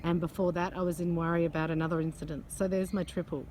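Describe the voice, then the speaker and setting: A woman's voice: on the low side, fast, a little hiss or hum. Chatty woman telling a story. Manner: chatty, animated, laughs mid-story. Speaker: psychic channeler. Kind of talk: casual storytelling vlog. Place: outdoors among butterflies.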